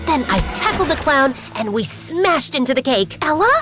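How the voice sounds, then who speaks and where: A woman narrating a first-person animated story in a lively, playful way. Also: high voice, normal speed, music in the background.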